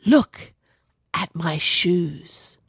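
A woman plays a wild-haired young princess who is bossy and full of herself. She talks briskly, her voice rising and falling freely. The recording is close and dry. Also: lowish voice, animated, gravelly, breathy edge, no echo, heavily acted. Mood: excited. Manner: brisk, self-assured. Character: bold, bossy young princess, spirited and teasing.

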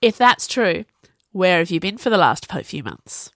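A woman's voice: on the low side, very animated, normal speed, no echo, studio quality. A woman voicing an easygoing, teasing young male drummer mage in an audiobook.

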